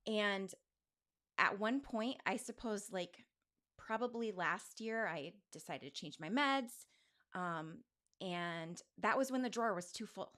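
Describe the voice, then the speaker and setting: A woman in her forties speaks at a middle pitch, candid and personal, as she hosts her own show. She wanders from thought to thought in a rambling, self-questioning way and leans on fillers as she goes. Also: lively intonation, slow, pushed and bright. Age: 40s. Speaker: podcast host.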